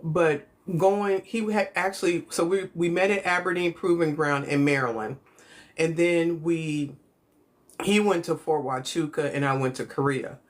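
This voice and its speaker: A woman's voice: low voice, measured pace. Woman, middle-aged, from Chicago, livestream host, casual storytelling, rambling, phone mic. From Chicago, United States. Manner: chatty, rambling, greets viewers mid-story.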